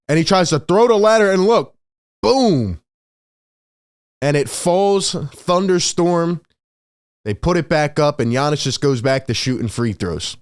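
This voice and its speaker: A man hosting a casual basketball recap, excitable, laughing often and acting out what the players said. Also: fairly high pitch, measured pace, no echo, studio quality. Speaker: sports video host. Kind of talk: casual game recap commentary.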